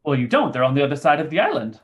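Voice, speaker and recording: A man's voice: a little high, very animated, rapid-fire. A man voicing a tiny male forest gnome who talks in a fussy, haughty way. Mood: dismissive.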